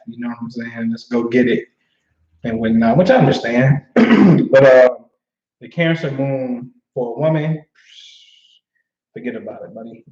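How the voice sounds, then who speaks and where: A man hosting a laid-back astrology livestream reads viewer comments, talking in a loose, slangy way and often asking "you know what I'm saying." His middle-pitched voice is unhurried and a little mellow. The sound is slightly roomy and muffled, like a home setup.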